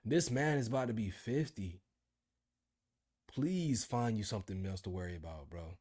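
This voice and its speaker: A man's voice: on the low side, expressive, moderate pace, a little mellow. A man in his twenties ranting about his job in a casual video diary, telling the story with slang. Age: 20s. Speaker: vlogger.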